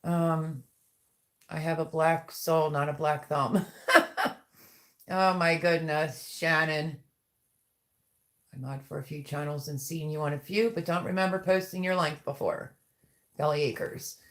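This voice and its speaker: A woman's voice: sits low, fairly even intonation, measured pace, long pauses, fairly bright tone. Chatty woman hosting a live stream. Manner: chatty and laughing, greets viewers by name. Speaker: livestream host. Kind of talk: casual live chat reading viewer comments.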